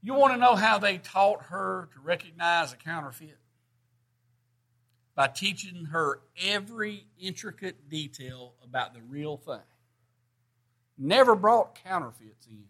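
A man's voice: high voice, expressive, measured pace, creaky, pushed and bright. A middle-aged man preaching a sermon, folksy and plainspoken, rising to emphatic bursts.

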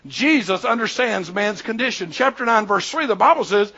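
A man's voice: high-pitched, lively intonation, normal speed, hardly any pauses, a bit bright, dull audio. A man in his sixties, a pastor preaching a sermon in an emphatic, repetitive, conversational way.

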